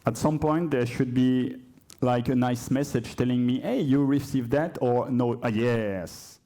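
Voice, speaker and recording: A man's voice: mid-range voice, fairly even intonation, normal speed, dark tone. A man with a French accent giving a conference coding demo, hesitant and self-correcting with chatty asides. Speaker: conference speaker. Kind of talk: live coding talk. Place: conference hall.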